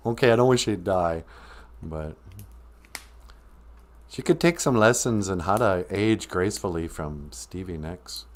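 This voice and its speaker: A man's voice: low voice, lively intonation, unhurried, pauses often. A man hosting a comedy live stream, who talks in a blunt, sarcastic, ranting way. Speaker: show host.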